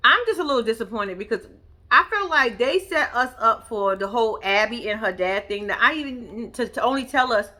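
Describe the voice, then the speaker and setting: Sassy, lively woman recapping reality TV. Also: fairly high pitch, fairly quick. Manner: sassy, blunt, profane and animated, talks straight to viewers. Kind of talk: casual recap commentary.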